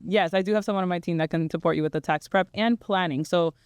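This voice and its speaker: Female guest, financial coach, brisk and clear, dry studio sound. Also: on the low side, no echo. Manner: explanatory, confident, brisk. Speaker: guest, accountant and money coach. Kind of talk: interview answers.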